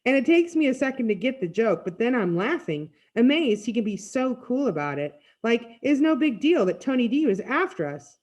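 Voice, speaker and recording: A woman's voice: fairly high pitch, moderate pace, hardly any pauses. Woman reading a storybook aloud expressively. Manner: expressive, first-person storytelling. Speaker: reader. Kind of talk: read-aloud storybook narration.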